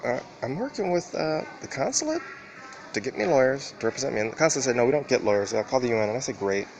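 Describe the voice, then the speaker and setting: A man's voice: mid-range voice, very animated, quick pace. A man rambling through a profane, casual monologue while riding a train, laughing often. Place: on a train and station platform. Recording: noisy train ambience.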